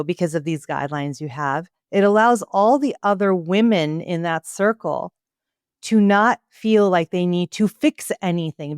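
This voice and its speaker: A woman's voice: lowish voice, smooth, no room sound, clean studio sound. A middle-aged woman hosting an interview, reflective and affirming. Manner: reflective, affirming with frequent short responses. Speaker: podcast host, physician. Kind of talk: conversational interview.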